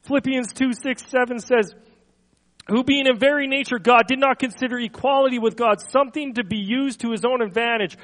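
In a low-quality recording, a very high-voiced pastor reads scripture with earnest emphasis, drawing out and swelling on each quote before trailing softly. His free speech in between is full of stumbles and repeated words.

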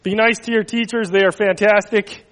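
In a church hall where a long reverb rings around his words, a pastor with a high-pitched voice reads a children's story before moving on to announcements. His storytelling is expressive, using dramatic pauses and sinking at moments to almost a whisper.

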